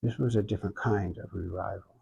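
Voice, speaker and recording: An older man with an Oklahoma accent, an interviewee who tells his story slowly and reflectively, with many pauses. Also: deep voice, fairly even intonation, vocal fry, mellow, slightly rough, muffled recording. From Oklahoma, USA. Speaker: interviewee, iconographer.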